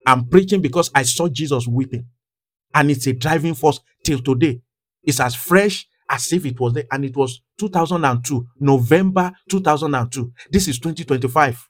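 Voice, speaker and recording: A man delivers an impassioned sermon on a fairly high voice, his delivery climbing in force as he presses each point. He reads old-style scripture and then preaches with mounting fervor. The sound is dry and close, with no room echo. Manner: fervent, grows louder and higher in pitch as he builds; reads scripture in King James wording.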